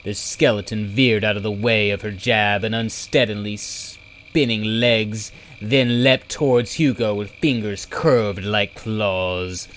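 A man narrating a storybook in a slow, measured reading. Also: on the low side, fairly even intonation, fairly bright tone, slight background noise. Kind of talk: audiobook narration.

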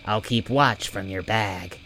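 A man voicing a timid shape-shifting mimic creature in a storybook, speaking softly and nervously. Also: fairly low pitch, takes it slowly, a little hiss or hum. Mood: matter-of-fact. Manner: soft, hushed and nervous.

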